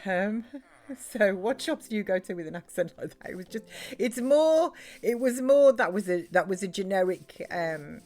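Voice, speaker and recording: A woman's voice: mid-range voice, animated, normal speed, darkish tone, soft background music. A middle-aged British woman chatting loosely while streaming a game, rambling with many fillers and restarts. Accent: British English. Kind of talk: casual chat while live-streaming a game.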